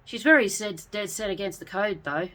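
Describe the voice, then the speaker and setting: A woman's voice: medium pitch, normal speed, sharp tone, close to an everyday voice. Young woman, sullen and defensive, read by a woman. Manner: defensive, shrugging. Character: sullen young woman, loyal to family code.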